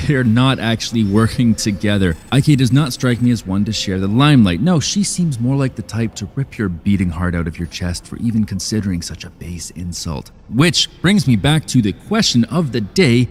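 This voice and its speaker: A man's voice: medium pitch, darkish tone, close to an everyday voice. An actor playing a sarcastic, exasperated male true-crime podcast host in an audio drama, impatient and theatrical.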